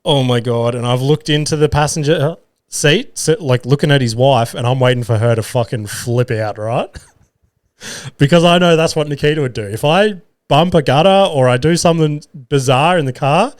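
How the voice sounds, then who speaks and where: An Australian man hosting a podcast, telling a story in a casual, profane, animated and self-mocking way from his garage studio. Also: fairly high pitch, moderate pace, no echo. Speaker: podcast host. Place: single-car garage studio. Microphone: studio mic.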